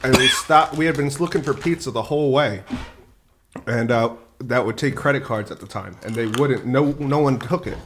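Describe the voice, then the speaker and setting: A man in casual podcast chat tells a rambling story, swearing freely and laughing as he goes. His voice sits at an ordinary middle pitch. A faint background noise hangs under the recording. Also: normal speed. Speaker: podcast guest.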